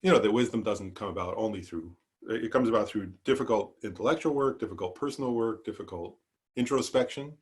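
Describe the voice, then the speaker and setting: A man's voice: on the low side, fairly quick, breathy edge. A man teaching an online Buddhist class, hesitant, with many fillers, asides and "right?". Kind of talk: online dharma class lecture.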